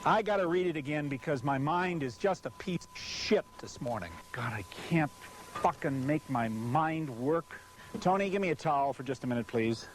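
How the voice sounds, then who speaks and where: Furious cursing man with a lively pitch. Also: slight background noise. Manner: cursing nonstop, frustrated, barking at crew. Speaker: voice-over announcer. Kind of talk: angry outtakes from a commercial recording session. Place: recording set with hot lights and a car.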